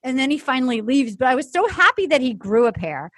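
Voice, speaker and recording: High-pitched woman rambling on a podcast, lots of "like", dry close mic. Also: sing-song, fast, fairly bright tone, no echo. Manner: rambling, full of "like" and restarts. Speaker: podcast co-host. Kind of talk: casual chat.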